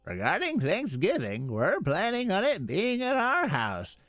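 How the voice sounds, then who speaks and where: A man voicing a sweet old grandmother who guilt-trips gently and apologizes in a falsely syrupy way. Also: high-pitched, wildly swooping pitch, unhurried, dry recording, faint music behind, pitched above the performer's own voice, exaggerated voice. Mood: sugary.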